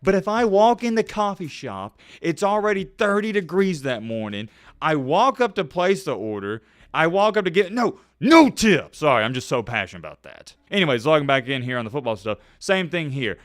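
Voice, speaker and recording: A young man giving a solo sports commentary rant, animated and swinging between loud outbursts and low asides. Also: a little fast, dry recording, clean studio sound.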